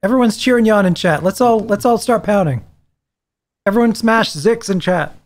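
A woman's voice: mid-range voice, moderate pace, a little mellow. A woman hosting a casual livestream podcast, reading out prompts and cheering her guests on. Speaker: podcast host.

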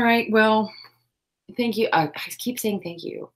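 A woman's voice: fairly high pitch, unhurried. A woman, hosting a crafting livestream from her home craft room, chatting casually and self-deprecatingly while reading the chat aloud.

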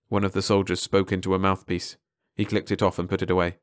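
A man narrating a short science fiction story aloud in a measured way, slowing on key phrases. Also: sits low, little pitch movement, clear, resonant tone, dry recording, clean studio sound. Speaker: audiobook narrator.

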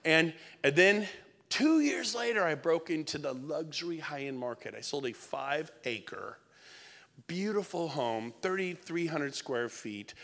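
A man in his fifties giving a lively, joking motivational speech to a live audience, often shouting for emphasis. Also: on the high side, unhurried, creaky. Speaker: keynote speaker. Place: event hall. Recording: long reverb of a large event hall.

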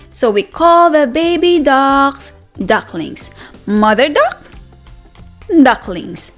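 With a high voice, a female teacher brings a picture book to life for a group of toddlers, using a lively sing-song delivery, gasping for effect, and quizzing the little ones as she reads.

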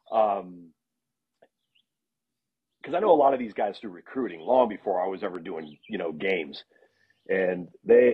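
A middle-aged man, a football analyst, casually telling animated stories as a podcast guest. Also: lowish voice, husky. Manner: animated anecdotes with laughs and restarts. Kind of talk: casual storytelling in a podcast interview. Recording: dull lo-fi sound.

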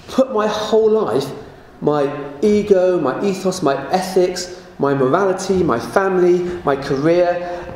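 A man's voice: on the high side, darkish tone. A man teaching a sermon in a conversational way, often asking his listeners rhetorical questions. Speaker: preacher. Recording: very echoey room with faint noise.

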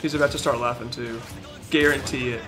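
A young man streaming a shooter game, excitedly narrating, shouting and laughing as he repeats himself. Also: medium pitch, a little fast, over music. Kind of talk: excited gaming stream commentary.

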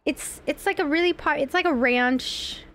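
A woman's voice: high-pitched, moderate pace, fairly bright tone. A young woman streaming a video game from home, chatting casually and giggling while she rambles and reads her chat aloud.

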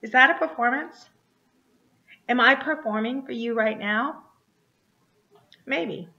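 A woman teaching a theater class online, animated and chatty, often checking in with a quick "right?". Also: fairly high pitch, highs cut off.

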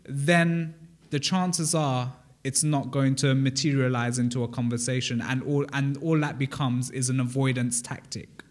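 A British man preaching a sermon as pastor in a church, speaking conversationally, asking the congregation questions and often restarting his words. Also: mid-range voice. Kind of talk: interactive sermon. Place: church hall.

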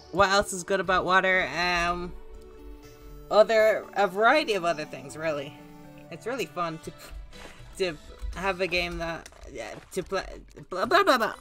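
A woman's voice: fairly low pitch, pushed and bright. A woman streamer giving casual, sarcastic, self-mocking commentary while playing a game. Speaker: gaming streamer. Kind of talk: casual live gaming commentary.

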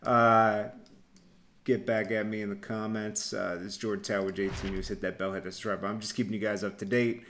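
A man's voice: lowish voice, level tone, brisk, a bit bright. A man hosting a hip-hop news channel, talking loosely with frequent "uh"s and chuckles. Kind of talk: casual reaction commentary.

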